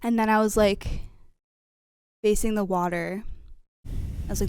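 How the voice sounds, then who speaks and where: A woman telling her personal faith testimony in an earnest, casual and animated way, often laughing as she goes. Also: mid-range voice, unhurried, a little hiss or hum.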